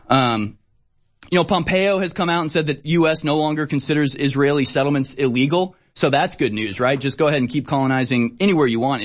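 A man delivering opinionated commentary in a sarcastic, emphatic ranting manner. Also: a little high. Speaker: political commentator.

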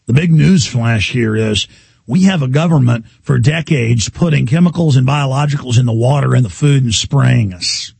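A man hosting a talk radio show, ranting loudly and combatively with sarcasm. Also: medium pitch, moderate pace, gravelly, husky, no echo.

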